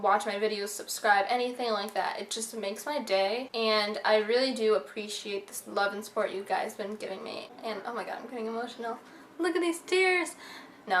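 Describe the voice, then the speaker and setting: A woman's voice: medium pitch, fairly bright tone, reverberant, a little hiss or hum. A young woman beauty vlogger chatting casually to camera, giggly and full of "like".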